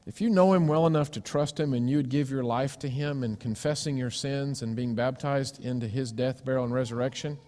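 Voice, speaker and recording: A man preaching a sermon, telling a personal story with sudden loud cries and hushed, gentle asides. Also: mid-range voice, a little fast, few pauses. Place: church sanctuary. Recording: long church reverb.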